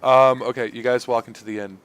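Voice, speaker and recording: A man narrating a tabletop game as game master, rambling through scene descriptions with many pauses. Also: medium pitch, flat delivery, a bit bright, smooth. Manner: rambling, many fillers and restarts.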